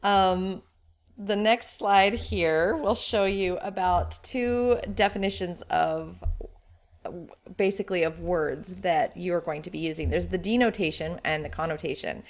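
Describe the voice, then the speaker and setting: Gravelly-voiced woman teaching a writing workshop. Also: on the low side, unhurried. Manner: casual, conversational teaching with fillers. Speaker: editor teaching writers.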